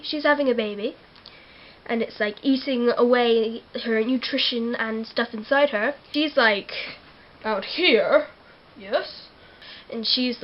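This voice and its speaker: A teenage girl, excitably recapping a film to camera. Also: fairly high pitch, highs cut off. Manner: giggly, excitable, acts out characters. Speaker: vlogger. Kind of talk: casual movie recap to camera.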